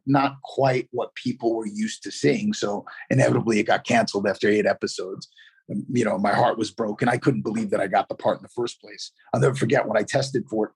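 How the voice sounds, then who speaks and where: A middle-aged man, an actor guest, telling a story in a casual, animated way, full of "you know" fillers. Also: lowish voice, creaky, slightly rough.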